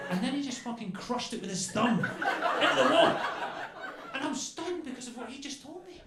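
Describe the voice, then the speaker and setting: A young man performs stand-up into a stage mic, chatty and animated with plenty of swearing. His voice sits slightly high. The sound is roomy, with crowd laughter around him. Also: fast. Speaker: stand-up comedian. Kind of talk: stand-up comedy. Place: comedy club stage before a crowd. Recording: echoey club with crowd laughter.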